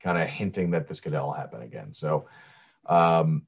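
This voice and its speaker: A man's voice: a bass voice, moderate pace, vocal fry, husky, lo-fi sound. A man co-hosting a podcast, chatting casually about a horror movie with an easygoing, joking manner. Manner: joking, easygoing, laughs often. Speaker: podcast co-host.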